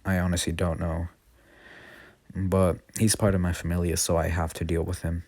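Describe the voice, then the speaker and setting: A man's voice: sits low, little pitch movement, normal speed, a little mellow, dry recording. A man voicing a young female warrior who sounds weary of her drunk teammate.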